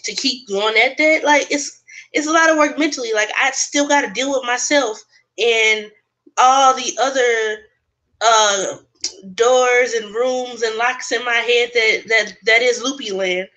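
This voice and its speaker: A woman hosts a casual round-table discussion, speaking bluntly and getting straight to the point. Her voice sits a little high and sounds bright and forward. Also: normal speed. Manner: blunt and direct, animated.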